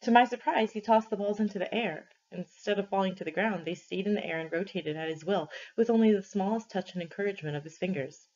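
In a mid-range, darkish voice, a teacher reads a first-person novel to a class at a measured, deliberate pace, pausing to pose study questions. The sound quality is dull and lo-fi.

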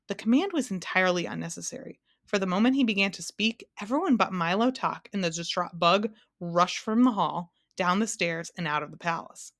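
A woman, a teacher, reading a children's novel aloud in a clear, steady storytelling voice. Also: on the low side, brisk, few pauses. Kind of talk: storybook read-aloud narration.

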